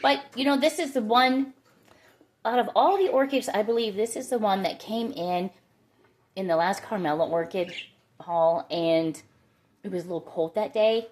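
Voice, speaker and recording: A woman's voice: mid-range voice, normal speed, a little mellow. A middle-aged woman chatting casually and enthusiastically as she shows her orchids at home. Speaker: orchid grower. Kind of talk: casual chat while touring plants. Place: home with plants.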